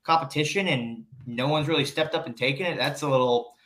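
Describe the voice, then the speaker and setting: A man's voice: medium pitch, brisk, a bit bright. A man co-hosting a podcast in casual chat, agreeable and a bit rambling. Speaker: podcast co-host. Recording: echoey room.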